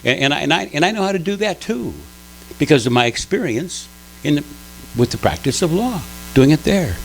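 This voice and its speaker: A man giving a conversational sermon at a spiritual center, telling stories with lively pitch swings and frequent restarts. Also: brisk, vocal fry, slight background noise, rough recording. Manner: animated storytelling, frequent restarts.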